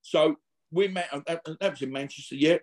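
This middle-aged interview guest shares casual stories briskly, in a slightly high voice with a darkish tone. His talk is rambling and slangy, peppered with restarts and acted-out quotes of what others told him.

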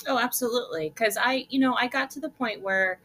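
A woman's voice: on the high side, brisk, slightly rough. A woman in her thirties, a podcast guest, telling stories in a casual interview and acting out the voices of people she quotes. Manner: animated storyteller, acts out quoted voices.

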